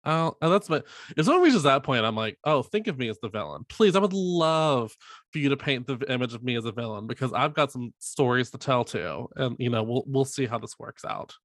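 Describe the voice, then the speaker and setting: A man in his twenties in casual conversation, telling lively stories and acting out quoted lines. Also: mid-range voice, a little fast, dry recording, studio quality. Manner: animated storyteller, acts out quotes loudly. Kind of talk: casual chat.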